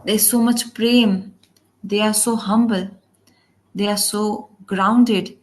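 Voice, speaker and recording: A woman's voice: medium pitch, fairly even intonation, takes it slowly. A woman giving a devotional class, telling stories and acting out quoted speech, often restarting words mid-way. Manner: storytelling, acts out quoted speech; frequent restarts and self-corrections. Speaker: spiritual teacher.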